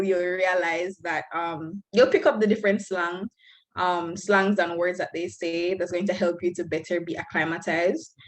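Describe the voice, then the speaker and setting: A woman's voice: lowish voice, poor audio. A young woman from Belize, giving frank, earnest advice to new students on a video call. She speaks candidly and laughs lightly now and then.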